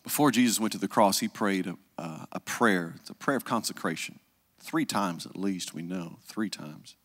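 A male pastor, preaching a conversational sermon and dropping to a hush for the solemn parts. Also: deep voice, moderate pace, big-room sound. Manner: conversational preaching, acts out quoted voices, drops to hushed tones.

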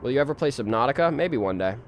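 A man's voice: medium pitch, animated, rapid-fire, slight background noise. A young man livestreaming a game, chatting casually, reading chat aloud and playing up dramatic moments for fun. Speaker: streamer and animator.

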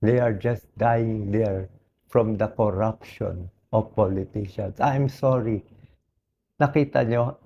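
Hoarse Filipino man, slow and earnest. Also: lowish voice, dull audio, slight background noise. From Philippines. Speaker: doctor. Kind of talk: emotional personal appeal.

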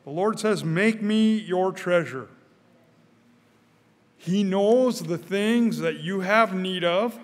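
High-voiced older man preaching, stammering repeats. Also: slow, pauses often. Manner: earnest, repeats his words, rises in pitch and volume when stirred. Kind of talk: sermon. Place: church sanctuary. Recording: church hall with long reverb.

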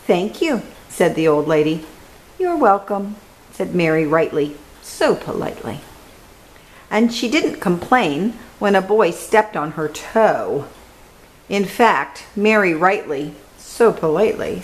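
A woman hosting a children's reading show, reading a picture book aloud in a gentle, careful way. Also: lowish voice, poor audio. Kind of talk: storybook read-aloud.

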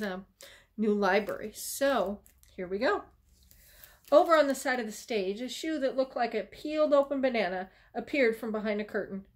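A woman, a children's librarian, reading a chapter book aloud with lively storytelling and a few small slips. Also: a little high.

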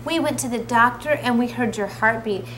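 A woman reading aloud the lines of a gentle mother bear from a children's picture book. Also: a little high, moderate pace, a little hiss or hum, natural voice. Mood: tender. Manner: soft, reassuring storybook reading. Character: tender mother bear, soothing.

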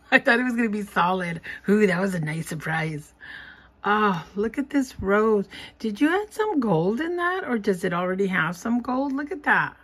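A woman chatting casually as she opens craft mail, gushing and giggling, sometimes dropping to a soft whisper. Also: mid-range voice, very animated, moderate pace, slightly rough. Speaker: craft vlogger opening happy mail. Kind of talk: casual unboxing chat.

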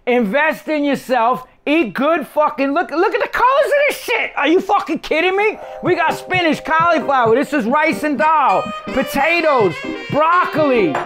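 High, profane, hyped-up man. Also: lively intonation, over music. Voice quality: profane, fast-talking hype. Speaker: host. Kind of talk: casual cooking-show chat. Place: home kitchen.

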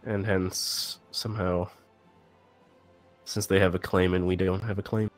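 A man playing a multiplayer strategy game over voice chat, making low-key, mumbled asides and dry remarks. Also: flat delivery, measured pace, faint music behind. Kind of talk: casual multiplayer gaming chat.

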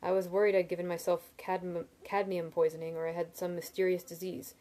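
A woman reading a novel aloud, voicing a shaken but wry and steady young man student in a dry, understated way. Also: fairly low pitch, fairly quick, close to an everyday voice. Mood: calm.

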